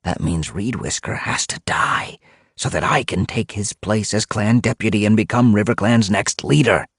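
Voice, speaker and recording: A man's voice: on the low side, normal speed, no echo, studio quality, voice pushed up. A man voicing a scheming female warrior cat who speaks coolly and persuasively in an audiobook.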